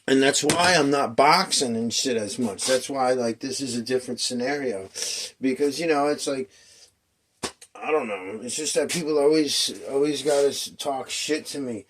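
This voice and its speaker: A man's voice: mid-range voice, moderate pace, fairly bright tone, a little hiss or hum. A man in his fifties telling a long personal story in a rambling, profane way, acting out what people said. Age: 50s. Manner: profane, restless, storytelling with acted quotes.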